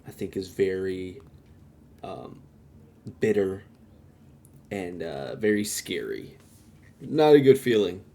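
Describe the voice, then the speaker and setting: A young man co-hosting a podcast, retelling scenes in an animated way and laughing often. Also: low-pitched, slow, gravelly, long pauses. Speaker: podcast co-host. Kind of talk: casual chat.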